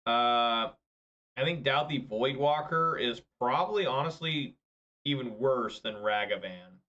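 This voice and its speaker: This gameplay commentator talks casually over his own card game matches at an unhurried pace, in a medium-pitched voice. He murmurs during quiet turns but turns loud and excited on big plays, all captured in a muffled recording.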